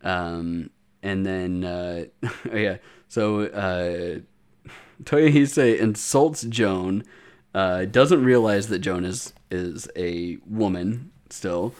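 A man's voice: low-pitched, extremely slow, a little mellow, clean tone. A young man, a podcast co-host, recaps an episode in casual chat, rambling with many fillers and restarts.

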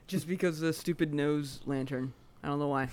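A man's voice: fairly high pitch, normal speed. Blunt, sarcastic male podcast co-host. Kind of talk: casual chat.

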